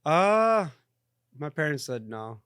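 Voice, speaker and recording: Guest: man, 30s, easygoing chat, smooth clear voice, dry close sound. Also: on the high side, sing-song, slow, fairly bright tone, dry recording. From Southern California. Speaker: guest, restaurant owner's son. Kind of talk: casual interview chat.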